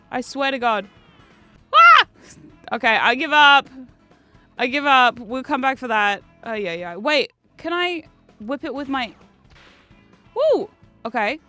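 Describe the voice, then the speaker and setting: A woman's voice: sits high, pushed and bright. A woman streamer chatting casually while gaming, swearing freely and laughing often at a desk microphone.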